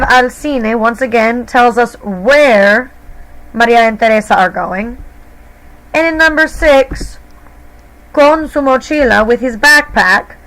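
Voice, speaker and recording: A woman's voice: fairly high pitch, a bit bright, low-quality recording. A woman teacher explaining grammar to her students patiently, step by step, in a recorded lesson. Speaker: Spanish teacher.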